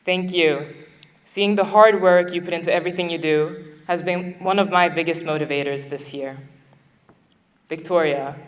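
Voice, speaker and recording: A young woman reads her graduation speech at a podium microphone, heartfelt and a little emotional. Her voice rings out with the long echo of a large ceremony hall. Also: sits low. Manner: heartfelt, with light laughs between thanks. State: getting emotional. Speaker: graduating student giving a speech.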